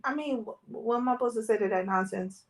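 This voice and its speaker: A woman's voice: on the high side, a little fast. A woman co-host in casual pop culture chat, blunt and dryly sarcastic.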